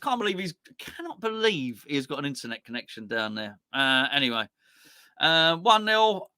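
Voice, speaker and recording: A man hosting a live stream, rambling chattily and reading out viewers' messages, swinging between excited highs and low muttered asides. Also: normal speed, clean tone, dry recording, clean studio sound. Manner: rambling, chatty, talking to himself while reading out the chat. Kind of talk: casual live-stream chat.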